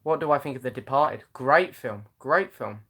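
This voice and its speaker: A man's voice: medium pitch, lively intonation, moderate pace, fairly bright tone. A young man hosting a casual live chat, reading out viewers' comments in a chatty, meandering way with many ums. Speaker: live-stream host.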